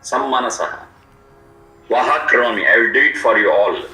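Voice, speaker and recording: A man teaching a scripture, explaining each word slowly and repeating its meanings. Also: mid-range voice, animated, pushed and bright, echoey room, low-quality recording. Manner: slow, repetitive word-by-word explanation. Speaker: Vedic teacher. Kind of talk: explanatory lecture.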